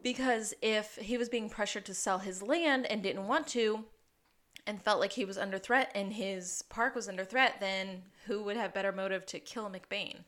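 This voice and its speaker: A woman's voice: mid-range voice, fairly bright tone. A woman co-hosting a podcast, casually recapping a TV episode and acting out characters' lines. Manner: retells scenes with quick quoted impressions. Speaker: podcast co-host.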